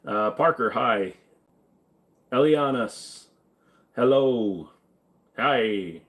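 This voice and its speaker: A man's voice: fairly low pitch, takes it slowly, pauses often. A man in casual live stream chat, reading viewer questions aloud and answering them in a crude, joking way. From Virginia.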